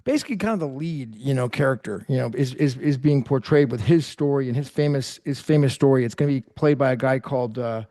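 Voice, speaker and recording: A man from California hosting an interview, enthusiastic and halting, restarting his sentences. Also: mid-range voice, dark tone, no room sound, clean studio sound. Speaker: host.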